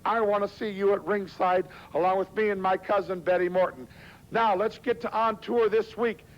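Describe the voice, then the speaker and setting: A male announcer hyping an upcoming wrestling card, in a salesy pitch. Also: fairly even intonation, moderate pace. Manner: hyped, salesy. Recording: lo-fi 1990s TV audio.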